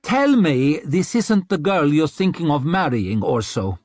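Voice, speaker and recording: An imperious queen with a sharp, precise manner and a cold edge, voiced by a male narrator. Her lines sit well above his own voice, slightly husky, in a dry and close audiobook recording with faint music behind. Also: on the high side, sing-song, normal speed, dry recording, pitched above the performer's own voice, heavily acted. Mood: icy. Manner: sharp foreign-sounding, icy and precise. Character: haughty queen, imperious and cutting.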